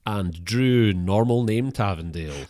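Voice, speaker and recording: A man's voice: on the low side, measured pace, warm tone, no echo, studio quality. A man hosting a film podcast in a playful, teasing way, laughing often. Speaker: podcast host. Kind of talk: casual chat.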